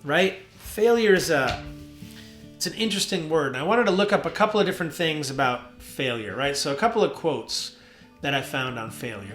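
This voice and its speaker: A man, a worship leader, hosting a casual devotional talk from his home studio, relaxed and rambling with many fillers. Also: a little high, normal speed. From New Jersey. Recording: roomy studio with soft guitar.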